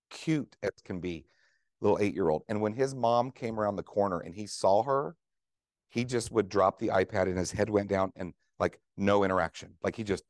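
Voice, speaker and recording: A veteran trauma nurse gives a conference lecture to clinicians in a lowish, slightly mellow voice. The recording is studio quality with no echo, and his manner is conversational and joking as he often asks the room questions.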